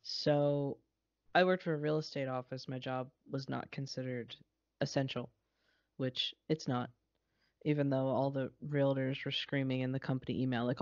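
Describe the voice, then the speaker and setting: This blunt, sarcastic podcast co-host swears freely in casual chat over an internet call. He has a mid-range voice with fairly even intonation and a moderate pace. The call recording sounds muffled and dry, with no room sound.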